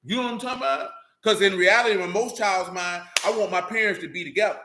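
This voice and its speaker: A man's voice: high-pitched, fast, bright, forceful tone, a little hiss or hum. A man talking casually and bluntly, full of profanity, who keeps asking "you know what I'm saying". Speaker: religious group speaker. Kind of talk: casual unscripted talk. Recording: roomy echo.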